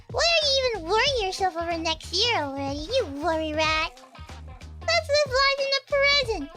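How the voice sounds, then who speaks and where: A woman's voice: extremely high pitch, exaggerated voice. A woman voicing a mischievous, bratty teenage schoolgirl who teases and whines in a giggly way. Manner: teasing, whiny, giggly. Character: mischievous bratty teen schoolgirl, cheeky and carefree. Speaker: streamer reading game dialogue. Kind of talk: voicing game story dialogue. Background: background music.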